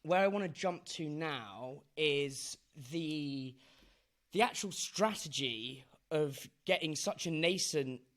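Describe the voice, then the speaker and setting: A man's voice: on the high side, a bit bright. A man hosting a podcast interview, casual and chatty, fond of "like" and "mate" and some swearing. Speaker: podcast host.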